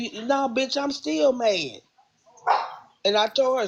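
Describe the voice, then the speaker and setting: Gravelly-voiced woman venting on a livestream. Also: fairly high pitch, normal speed, muffled recording. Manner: heated, repetitive venting. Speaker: livestream host. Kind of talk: casual livestream rant.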